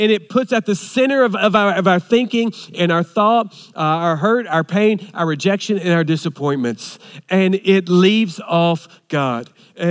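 Earnest male pastor preaching in a reverberant hall. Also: on the high side. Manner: earnest, repetitive preaching cadence with frequent restarts and lists. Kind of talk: sermon.

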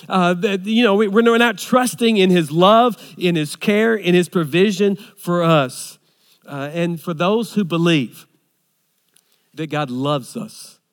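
Guy preaching a sermon, kinda high voice, lots of repeating lists, echoey church hall. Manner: earnest, repetitive preaching cadence with frequent restarts and lists. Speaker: pastor.

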